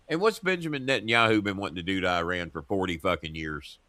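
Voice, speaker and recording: A man hosting a talk show, telling profane political stories in a lively, animated way. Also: low voice, quick pace, no room sound. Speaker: show host. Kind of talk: casual political chat. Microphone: earpiece headset.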